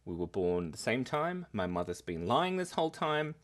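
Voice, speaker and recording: A cartoonist in his thirties hosts a casual live stream from his computer, rambling, giggling, and laughing often as he reads the chat in a playful way. His medium-pitched voice swings widely in pitch at a normal speed.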